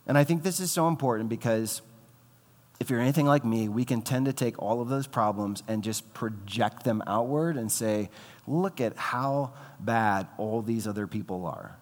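A man's voice: medium pitch, moderate pace. A male pastor preaching a sermon in a casual, conversational way, with lots of fillers and quoted voices he acts out. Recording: long hall reverb.

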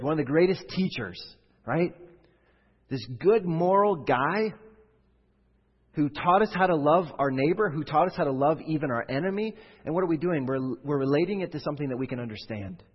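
A man's voice: on the high side, breathy edge. A man preaching a sermon as pastor, in a conversational way that explains through rhetorical questions. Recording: dull sound with long hall reverb.

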